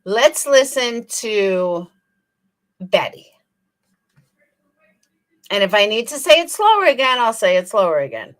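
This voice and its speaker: A woman's voice: on the high side, sing-song, unhurried, pauses often. A woman hosting a commentary channel, reading legal text aloud and mocking the people she reacts to with sarcasm.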